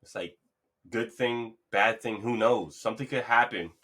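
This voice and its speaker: Talking into his podcast mic at normal speed, this host has a medium-pitched, slightly bright voice. He rambles through a loose, encouraging motivational monologue with an upbeat feel.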